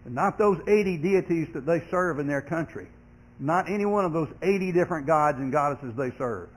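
A man, a pastor, preaching a sermon, earnest, growing loud and sharp when he acts out complaining voices and dropping soft for comfort. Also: a little high, lively intonation, moderate pace, rough recording.

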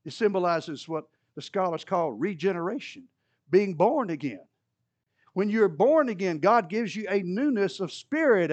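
A man preaching a sermon as a pastor, his voice sitting a little high and moving in wide, lively swings. He explains scripture with energy and slips in humorous asides. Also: normal speed, dry recording.

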